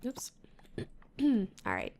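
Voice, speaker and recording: A woman's voice: mid-range voice, huge pitch swings, drawn-out words, a little mellow. A woman casually commenting as she plays a video game, muttering to herself and reading game text aloud. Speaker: let's-play gamer.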